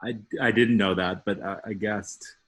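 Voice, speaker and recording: Low, husky podcast host. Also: male voice, fairly even intonation, normal speed, a bit bright. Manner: laughing, encouraging reactions. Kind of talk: casual interview chat.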